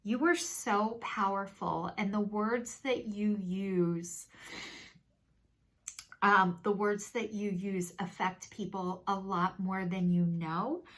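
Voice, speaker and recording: A woman giving a spiritual oracle card reading to her viewers, speaking in a slow, earnest and consoling way, sometimes tearful. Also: mid-range voice, steady tone, fairly bright tone. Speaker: tarot and oracle card reader.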